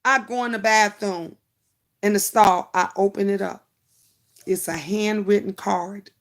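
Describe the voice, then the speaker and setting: A middle-aged woman at a medium pitch, talking straight to her livestream viewers. She tells a personal story in a chatty, heartfelt way, calling everyone honey and y'all. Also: steady tone, a little slow. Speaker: YouTube livestream host.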